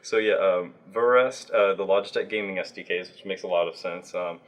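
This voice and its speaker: A man's voice: low voice, a little fast. A man hosting a livestream, chatting casually with a guest, with plenty of fillers and restarts. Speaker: livestream host.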